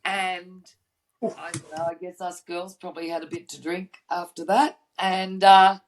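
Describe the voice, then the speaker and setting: A woman's voice: fairly low pitch, level tone, a little slow, poor audio. An Australian woman co-hosting a podcast, telling blunt, cheeky stories in a casual chat over a video call. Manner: chatty storyteller, blunt and cheeky. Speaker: podcast co-host.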